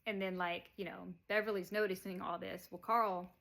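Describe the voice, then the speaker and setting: A woman's voice: lowish voice, level tone, normal speed, vocal fry, fairly bright tone. Rambling woman recapping a movie. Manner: rambling, filler-heavy, chuckling now and then. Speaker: movie reviewer. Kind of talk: casual plot recap.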